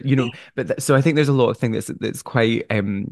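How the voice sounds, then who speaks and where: A man's voice: mid-range voice, a little fast, creaky, dry recording. Rambling man in a dry room. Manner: rambling, lots of restarts and fillers. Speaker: podcast host, vet. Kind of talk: casual interview chat.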